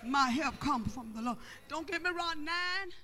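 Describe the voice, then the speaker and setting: A pastor preaching a sermon with passion, shouting and half-singing repeated refrains. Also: high-pitched, lively intonation, unhurried, over music. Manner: repetitive call-and-response preaching.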